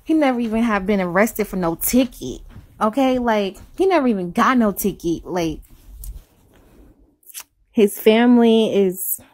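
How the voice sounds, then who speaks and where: A woman chatting casually and confessionally, rambling and repeating herself, sometimes dropping to a hush. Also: mid-range voice, animated, a little slow, pauses often. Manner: rambling, repeats herself, soft and hushed at times. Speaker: live-stream chatter.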